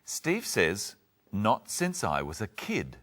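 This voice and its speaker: A man co-teaching English, with expressive intonation and playful example dialogues. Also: on the low side, slow pace, heavy background noise. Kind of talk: lively teaching with playful role-play.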